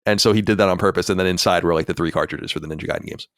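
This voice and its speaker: A man's voice: sits low, steady tone, very fast, a bit bright, no room sound, clean studio sound. A man in his forties hosting a podcast, chatting casually in a rambling, candid way, full of fillers and asides. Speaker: podcast host.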